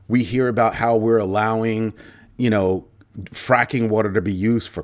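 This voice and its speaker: On his livestream commentary, a man with a somewhat low voice and fairly even intonation talks at normal speed. As host, he presses his points emphatically through repeated key phrases and occasionally pauses to reply to viewer comments.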